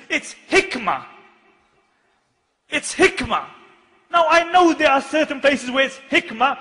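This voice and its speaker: Impassioned high-voiced male preacher. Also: pushed and bright. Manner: impassioned, rising to urgent rhetorical questions. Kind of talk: fiery sermon. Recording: long hall reverb.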